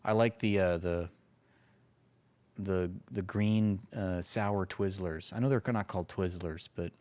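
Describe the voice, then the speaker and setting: A man's voice: deep voice, measured pace, darkish tone. A man hosting a casual reaction stream, rambling and sarcastic, swearing freely as he talks over clips.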